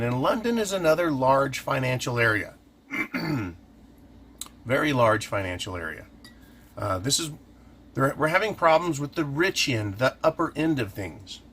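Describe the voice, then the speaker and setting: A man's voice: medium pitch, bright, forceful tone, a little hiss or hum. A man hosting a casual commentary, talking through his points by asking and answering his own questions. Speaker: host.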